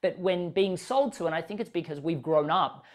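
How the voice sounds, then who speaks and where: A man's voice: a little high, moderate pace. A man in his thirties with an Australian accent, a podcast guest talking in a casual interview with lots of restarts and "you know".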